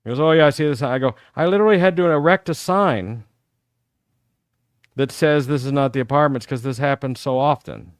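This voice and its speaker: A middle-aged American man hosts a live talk show, spinning rambling stories in a livestream monologue and acting out other people's lines with animation. His mid-range voice is clean and fairly quick, in studio-quality sound with no room echo.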